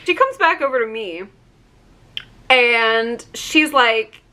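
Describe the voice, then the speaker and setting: Bright, gushing young woman. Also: a little high, takes it slowly. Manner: excited, gushing, heavy use of "like". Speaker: vlogger. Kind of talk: casual storytime.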